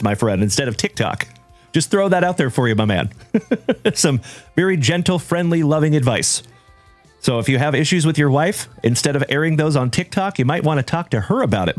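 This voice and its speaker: A man hosting a live trading-card stream, chatting warmly with viewers and giving shout-outs. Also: medium pitch, no room sound. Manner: hearty, shout-outs full of "my brother" and "my man". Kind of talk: upbeat livestream chat with viewers.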